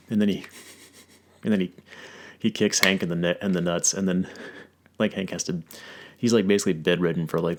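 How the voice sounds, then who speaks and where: A male podcast host chatting casually, rambling through long stories with lots of fillers and restarts. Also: sits low. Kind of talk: casual chat.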